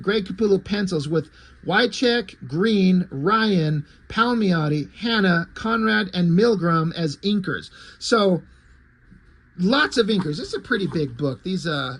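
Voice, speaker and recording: A man's voice: high voice, fairly bright tone. A man casually recapping and reviewing a comic book, sarcastic and swearing freely. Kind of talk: casual chat.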